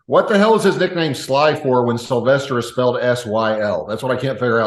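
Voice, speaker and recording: A man's voice: mid-range voice, fairly quick, hardly any pauses. A man co-hosting a podcast, cracking dry jokes in casual chat. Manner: wisecracking, dry joker. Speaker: podcast co-host. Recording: roomy echo.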